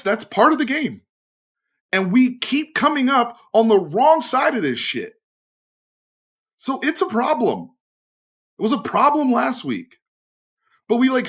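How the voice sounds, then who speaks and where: A young man with a fairly high voice rants as a sports commentary host. He talks bluntly and swears, and his pitch leaps around. He jumps from loud outbursts to low, pressing asides. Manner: animated, blunt, curses, swings between loud outbursts and low emphatic asides. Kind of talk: opinionated fan commentary.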